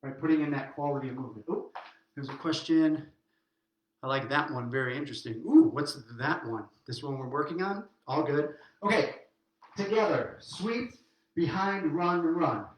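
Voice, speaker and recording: A man's voice: mid-range voice, brisk, a little hiss or hum. Man counting dance steps in echoey room. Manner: counts steps aloud while dancing, upbeat. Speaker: swing dance instructor. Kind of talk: live online dance lesson.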